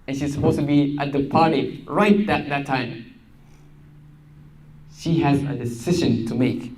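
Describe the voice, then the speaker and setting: A man's voice: medium pitch, measured pace, far from the mic, crowd noise. A man preaching a sermon through a story, with dramatic rises and direct questions to the listeners. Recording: echoey room.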